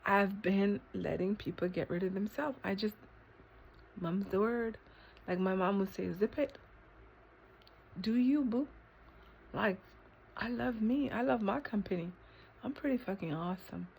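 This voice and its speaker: A woman vlogging a reflective self-talk monologue, rambling with lots of fillers and breaking into sudden high exclamations. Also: normal speed, creaky, darkish tone, husky. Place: eating ice cream while filming herself.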